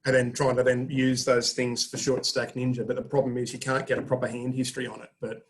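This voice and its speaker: A man on a video call, telling a poker story in an even, unhurried way. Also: mid-range voice. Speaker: poker group member. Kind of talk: casual chat on a video call.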